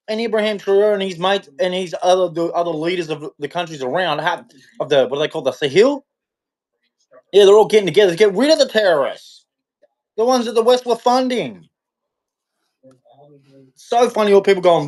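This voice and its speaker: Heated rambling man, slightly high voice. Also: animated, moderate pace. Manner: rambling, repetitive, heated, with frequent restarts. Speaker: host. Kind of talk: unscripted live commentary. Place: hot room in Queensland.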